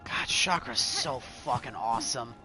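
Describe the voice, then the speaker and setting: A woman's voice: very deep voice, animated, normal speed, bright, forceful tone, faint music behind. A woman giving casual commentary on a blind game playthrough, openly emotional, exclamatory and swearing freely. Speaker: gamer streaming a blind playthrough.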